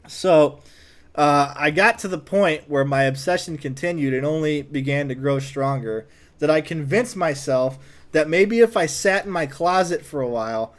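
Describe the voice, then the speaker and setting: Man, comedic storyteller, higher-pitched voice, animated delivery. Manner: animated, acts out quotes in a raised voice.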